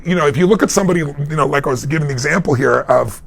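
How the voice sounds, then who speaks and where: A man's voice: on the high side, racing, creaky, slightly rough. A middle-aged man, a life coach, giving advice in a live question-and-answer talk, telling stories with emphasis and acting out the people he quotes. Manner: emphatic storytelling, acts out quoted voices.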